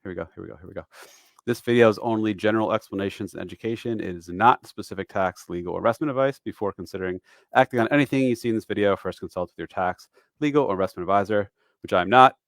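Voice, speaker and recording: Man, 40s, live-stream tax educator; slightly low voice, chatty and self-deprecating, dad-joke humor, dry close sound. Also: fast talker, vocal fry, dry recording. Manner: loose and chatty with dad jokes, many fillers. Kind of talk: casual live-stream walkthrough.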